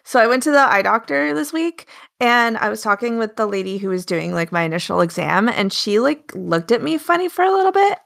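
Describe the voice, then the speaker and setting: A talkative woman from Alaska with a Pacific Northwest American accent, chatting loosely on a podcast. Her voice carries a gravelly fry, and her delivery is a bit loud and staccato as she tells a story. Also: a little high, sing-song, brisk. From Alaska, United States. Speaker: podcast co-host. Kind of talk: casual chat.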